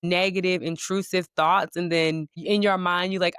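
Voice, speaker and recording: A woman's voice: on the low side, fairly even intonation, moderate pace, few pauses, a bit bright, smooth, no echo. Chatty woman host, dry close mic. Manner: affirming, chatty. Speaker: podcast host. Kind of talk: casual conversation.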